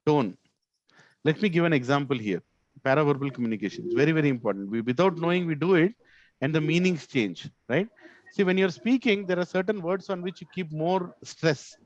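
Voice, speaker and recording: A man's voice: a little high, expressive, brisk, dry recording, highs cut off. A male corporate trainer teaching an online session, often checking in with "right?" and stressing words to make his points. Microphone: video call.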